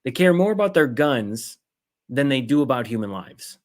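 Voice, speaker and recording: A man's voice: medium pitch, big pitch swings, normal speed. A man hosting a political livestream, ranting heatedly with swearing and sarcastic mimicry. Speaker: political commentary host. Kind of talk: angry livestream rant.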